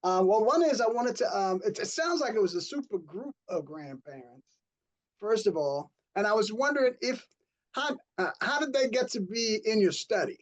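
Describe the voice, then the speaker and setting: Friendly moderator on a video call, mid pitch, stumbles over the question a bit. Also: expressive. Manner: friendly, halting, many restarts. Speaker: workshop moderator.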